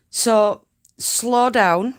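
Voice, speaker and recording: A woman from North Yorkshire with a Yorkshire accent, giving homely, chatty spinning tips as host of a live stream and laughing often. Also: fairly high pitch. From North Yorkshire, England. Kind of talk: casual live-stream tutorial chat.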